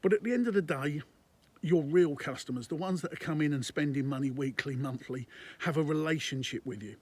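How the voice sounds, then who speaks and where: A man's voice: on the high side, fairly quick, slight background noise. A man, a business consultant, giving conversational and emphatic business advice to camera, repeating his points.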